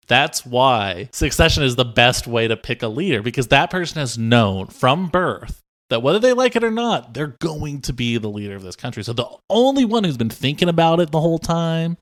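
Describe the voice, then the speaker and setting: A young adult man, a podcast producer, bantering with a deadpan, mock-serious delivery that swells into exaggerated outrage. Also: mid-range voice.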